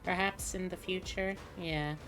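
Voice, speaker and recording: A woman's voice: fairly low pitch, steady tone, measured pace, music in the background. A woman streamer chatting casually to her viewers while playing, rambling and musing aloud with plenty of fillers.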